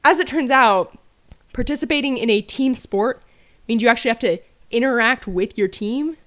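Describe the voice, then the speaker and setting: A woman's voice: a little high, moderate pace, fairly bright tone. A woman telling a casual story about her childhood with dry, self-mocking humor. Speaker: storyteller over gameplay.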